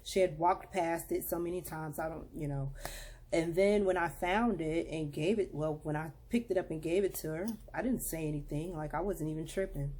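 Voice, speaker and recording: Chatty mom vlogger, lowish voice. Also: female voice, moderate pace, mellow, slight background noise. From Atlanta, Georgia. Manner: chatty, confiding, calls viewers "girl" and "y'all". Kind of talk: casual chat to camera.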